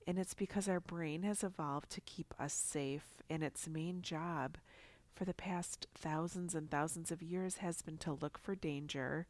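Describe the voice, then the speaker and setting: A middle-aged woman hosting a podcast, speaking calmly and encouragingly in a congested, nasal voice. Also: sits low, no room sound. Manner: calm, encouraging coaching tone. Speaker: podcast host. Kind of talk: scripted podcast talk.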